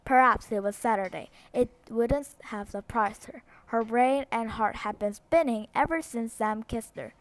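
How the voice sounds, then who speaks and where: A woman's voice: on the high side, measured pace, hardly any pauses. A woman with Korean as her first language reading a novel aloud, steadily, with small slips and restarts. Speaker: book reader.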